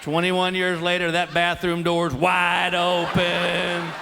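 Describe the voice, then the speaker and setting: Slow and monotone, with vocal fry and a voice that sits high, a male comedian performs stand-up in a large theater. He acts out his wife and himself in exasperated, folksy stories. Background noise and loud audience laughter fill the live recording.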